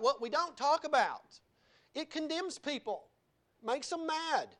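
A male pastor with a lilt delivers a lively sermon. His voice swings from low, quiet asides to bright, loud declarations, broken by laughing remarks. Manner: animated, laughing asides, wide swings in pitch and loudness.

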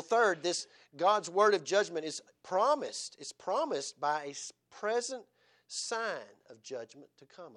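A man with a high-pitched voice preaches a sermon in a church. He reads scripture aloud and keeps turning to his listeners with rhetorical questions, building up a sense of urgency. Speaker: pastor.

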